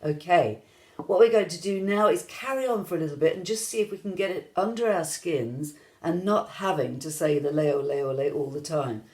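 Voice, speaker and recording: A woman's voice: sits low, brisk. A woman music teacher giving an online rhythm lesson, explaining patiently step by step to viewers at home. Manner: gentle, patient step-by-step instruction.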